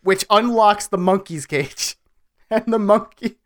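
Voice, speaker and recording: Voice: medium pitch, slow pace. Giggly podcast co-host telling a movie story. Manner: giggly, animated storyteller, swears. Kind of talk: casual podcast movie recap.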